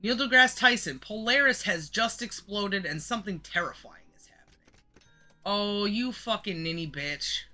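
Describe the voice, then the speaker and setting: A man's voice: high voice, expressive, normal speed, sharp tone. A man livestreaming a reaction, ranting angrily and mockingly with heavy swearing. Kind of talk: profane reaction rant.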